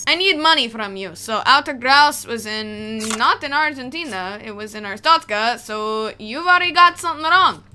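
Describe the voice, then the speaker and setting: A woman's voice: sits high, lively intonation, brisk, bright, forceful tone. A young woman giving chatty, joking let's play commentary while she plays, talking to the characters on screen. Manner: chatty, jokey, talks to game characters. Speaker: gaming YouTuber.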